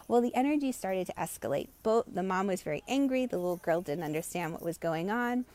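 A woman and meditation teacher talking on a live stream and giving gentle, inviting, unhurried guidance. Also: mid-range voice, animated.

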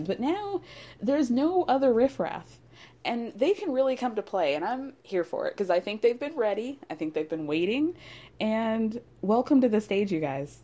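A young woman chatting casually as a podcast host, gossipy and animated, swearing freely and laughing often. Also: mid-range voice. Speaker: podcast host recapping reality TV. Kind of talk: casual chat.

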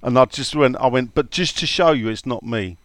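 A chatty man hosts a casual podcast, telling funny stories, reading listener questions and laughing frequently. His medium-pitched voice moves fairly quickly, with no room sound.

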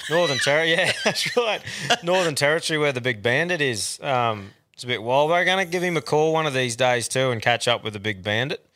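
Australian male podcast host, bright tone, crude rambling banter. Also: mid-range voice, lively intonation, a little fast, few pauses. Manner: swears freely, rambling.

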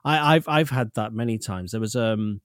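A man's voice: lowish voice, normal speed, no room sound, studio quality. A man with a northern English accent, co-hosting a casual podcast chat in a playful, teasing way. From northern England. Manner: playful, teasing, supportive listener. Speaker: podcast co-host.

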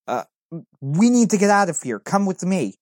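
A man's voice: high voice, very animated, darkish tone, no echo, clean studio sound, voice pushed up. A man doing Roberts, an urgent young soldier. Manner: urgent, hurried.

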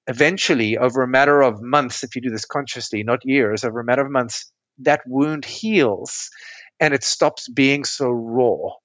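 Man calmly explaining relationships, dry sound. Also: medium pitch, dry recording. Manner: explains patiently with metaphors, asks if it makes sense. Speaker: relationship coach, podcast guest. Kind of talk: conversational interview explanation.

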